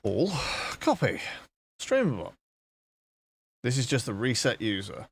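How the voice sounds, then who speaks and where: A man's voice: medium pitch, wildly swooping pitch, unhurried, slightly rough, no echo. A man from southwest England, chatting casually and joking with his live-stream chat while coding, swearing freely.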